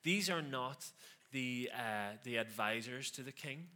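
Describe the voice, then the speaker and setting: A man's voice: mid-range voice, lively intonation, measured pace, sharp tone. A man preaching a conversational sermon, with sarcastic asides and frequent questions to the listeners.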